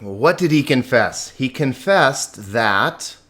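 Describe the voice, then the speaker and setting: Taking a slow, deliberate pace, a male Greek teacher explains grammar to his students in an animated, slightly bright voice that sits in a normal middle range. He leans on key words and chuckles lightly along the way.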